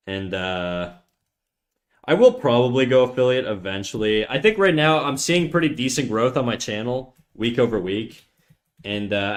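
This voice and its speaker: A man from Canada chatting casually on a live stream, laid-back and swearing freely while thinking out loud. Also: lowish voice.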